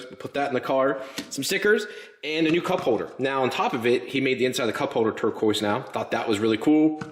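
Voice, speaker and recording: A man's voice: medium pitch, slight background noise. Roomy-sounding man venting in his garage. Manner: frustrated, rambling, venting. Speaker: car builder and channel host. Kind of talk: casual garage vlog.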